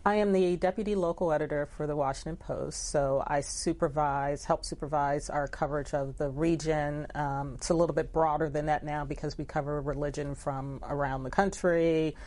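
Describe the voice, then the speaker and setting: Woman, low voice, editor as interview guest; reflective, conversational. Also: steady tone, normal speed, hardly any pauses, darkish tone. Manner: reflective, full of "you know" asides.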